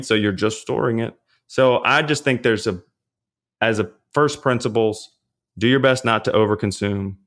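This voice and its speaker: Low-voiced man giving casual fitness advice. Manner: relaxed, chatty, frequent fillers and rhetorical checks. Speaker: pastor and fitness trainer, podcast guest.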